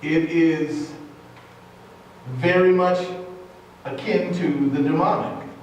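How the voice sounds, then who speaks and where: A man preaches slowly and deliberately, leaning on single words and repeating them for emphasis. His voice sits a little high for a man. It rings through a very echoey church, picked up from some distance with faint hiss behind it. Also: fairly even intonation. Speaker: pastor. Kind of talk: sermon. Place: church sanctuary.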